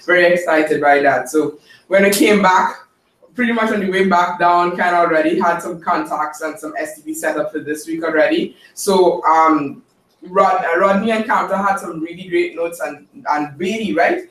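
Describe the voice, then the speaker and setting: A man's voice: sits high, normal speed, fairly bright tone, recorded from a distance. A man giving an upbeat, chatty report at a group meeting, with many fillers. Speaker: team member giving a report. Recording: echoey room mic from afar, light ambience.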